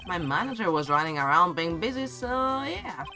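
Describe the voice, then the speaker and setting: A man's voice: sits high, sing-song, normal speed, faint music behind. A man voicing a laid-back young male actor in a courtroom game, drawling and calling everyone "dude". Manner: drawling, says "dude" a lot. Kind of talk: reading game dialogue aloud.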